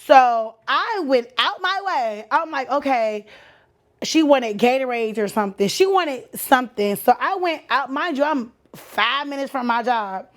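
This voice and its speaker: High-voiced animated Texan woman. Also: a little slow. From Texas. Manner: animated, slangy, acts out quoted voices. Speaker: podcast host. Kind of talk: casual storytelling.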